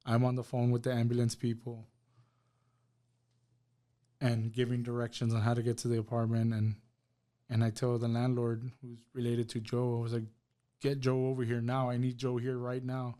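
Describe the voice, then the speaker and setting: A man's voice: medium pitch, completely flat delivery, normal speed, dark tone. A man sharing a personal testimony on a podcast, telling of a loss with emotion and acting out what each person said. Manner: emotional storytelling, acts out dialogue. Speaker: podcast guest.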